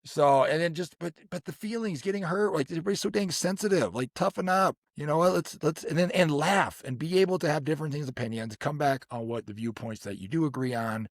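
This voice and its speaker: Man, podcast co-host, casual joking chat, rambling restarts, higher pitch, dry sound. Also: brisk, hardly any pauses, dry recording.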